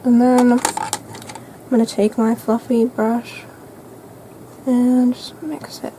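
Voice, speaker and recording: A teenage girl chatting casually through her makeup routine, rambling and thinking out loud. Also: on the high side, flat delivery, slow, pauses often, a little hiss or hum, rough recording. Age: teens. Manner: rambling, self-narrating, thinking aloud; soft, light voice at times. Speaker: vlogger. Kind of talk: chatty makeup get-ready-with-me vlog.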